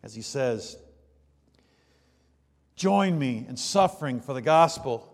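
A male preacher delivering a sermon, swinging between loud emphatic peaks and hushed low passages. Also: lively intonation, takes it slowly, in a large hall.

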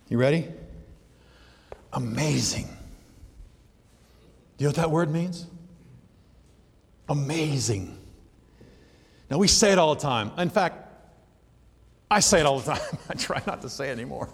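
An older man delivers a sermon in an easy, storytelling way, with a voice sitting a little high for a man. He acts out the quotes and now and then breaks into a sudden shout. The sound rings with the long reverb of a large hall. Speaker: pastor.

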